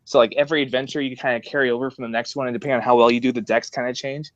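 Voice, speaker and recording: A podcast co-host chats casually in a medium-pitched, racing voice, animatedly acting out the people and quotes in his stories. The recording is dry, with a dull lo-fi sound.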